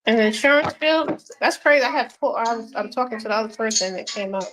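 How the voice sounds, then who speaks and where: Brief: high, bright woman, casual chatty tarot reader. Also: fast talker, slight background noise, rough recording. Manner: giggly, keeps breaking into laughter and apologizing; chatty, informal speech with fillers. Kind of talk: casual live tarot reading.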